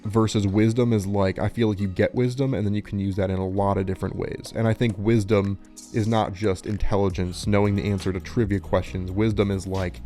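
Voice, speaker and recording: A man's voice: lowish voice, little pitch movement, brisk, warm tone, faint music behind. A man from Minnesota, chatting casually and rambling with lots of "like" fillers as he reads quiz questions aloud. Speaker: channel host. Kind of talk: casual vlog chat reading quiz questions.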